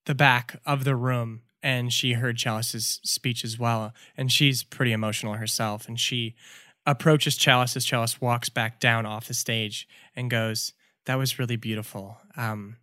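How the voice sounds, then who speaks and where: A young adult man narrating a tabletop game as game master, measured and soft, with frequent "um"s. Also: mid-range voice, fairly even intonation, dry recording, clean studio sound.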